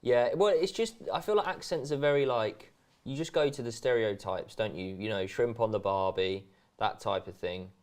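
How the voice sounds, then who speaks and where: A man's voice: medium pitch, normal speed, a little mellow. A man with a southern English accent hosting a football watchalong, rambling in casual chat. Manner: rambling, lots of fillers and tag questions.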